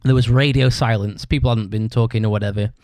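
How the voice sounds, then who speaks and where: A young man with a British accent tells a long, rambling story on his podcast, swearing a lot and breaking into laughter. His voice sits at a middle pitch, and the recording is close and dry with no room sound. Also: fairly even intonation, fast, a little mellow, no echo. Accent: British English. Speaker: podcast host. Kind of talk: casual storytelling monologue.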